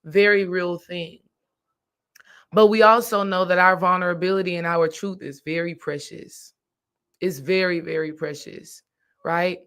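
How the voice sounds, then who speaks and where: A woman's voice: on the low side, a little slow. A woman spiritual coach telling a story in a casual, chatty way, often checking in with her listeners. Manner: chatty, animated, asks "right?" often.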